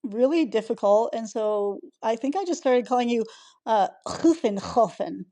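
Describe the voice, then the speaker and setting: A woman's voice: fairly high pitch, expressive, moderate pace, warm tone. An American woman in her sixties, co-hosting a podcast with chatty, self-deprecating humor and frequent giggles. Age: 60s. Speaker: podcast co-host. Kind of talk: casual chat.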